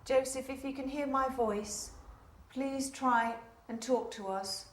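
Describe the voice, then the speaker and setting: A woman's voice: high-pitched, steady tone, slow pace. A woman leading a séance, coaxing spirits to come forward. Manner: coaxing, pleading, easily startled. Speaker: séance leader. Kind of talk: paranormal investigation.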